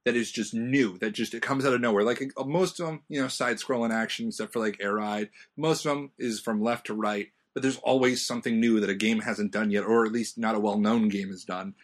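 A man's voice: on the low side, fairly even intonation, brisk, few pauses. Young guy co-hosting, rambly and jokey, gets all worked up. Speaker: podcast co-host. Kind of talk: casual chat.

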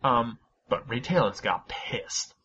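Brief: male podcast host, casual and energetic, reading news items, mid voice, dull recording. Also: medium pitch, slow pace, a little hiss or hum. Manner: energetic, swears freely, laughs often. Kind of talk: casual chat and news rundown.

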